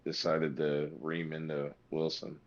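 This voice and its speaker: A man with a very deep voice sits in on a casual sports podcast. He chimes in with relaxed questions. His sound comes through dull and lo-fi. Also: a little slow.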